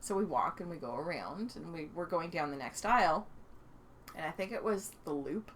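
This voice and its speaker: A woman's voice: lowish voice, expressive, moderate pace, slight background noise. A Canadian woman co-hosting a podcast, chatting casually and telling stories with lots of laughter and acted-out quotes. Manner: chatty storyteller, laughs often, acts out quotes. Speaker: podcast co-host. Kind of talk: casual chat.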